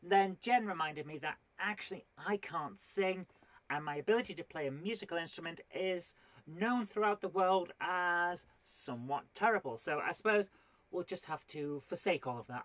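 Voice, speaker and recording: A woman's voice: low voice, normal speed. A middle-aged woman doing stand-up comedy from her home office as host of her own show, rambling and self-deprecating with mock-serious asides. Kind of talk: solo stand-up comedy to camera.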